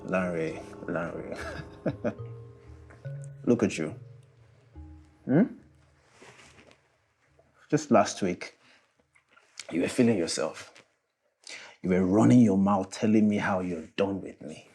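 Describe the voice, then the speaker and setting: An actor with a Nigerian accent playing a cruel, taunting extortionist in a film drama. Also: male voice, sits low, mellow, breathy edge, soft background music, exaggerated voice. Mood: mocking. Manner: menacing, taunting, slow and gloating. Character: gloating male extortionist, cruel and mocking. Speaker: film character.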